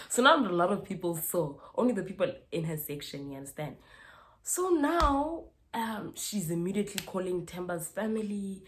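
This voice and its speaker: A woman's voice: medium pitch, normal speed, a little hiss or hum. A young woman, telling a casual storytime vlog and acting out the exchanges as she goes. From South Africa. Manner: animated, re-enacts exchanges, keeps asking "you understand?". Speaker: YouTuber.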